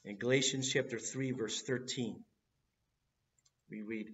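Slow, earnest male preacher from afar. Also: mid-range voice, steady tone, a bit bright, distant mic, muffled recording. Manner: earnest, building to cries at key moments. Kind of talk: sermon.

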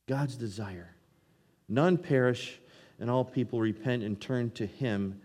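A man's voice: medium pitch, unhurried. Preaching man in a reverberant hall. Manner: earnest preaching, reads scripture aloud, swings between loud and hushed. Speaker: pastor. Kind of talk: sermon.

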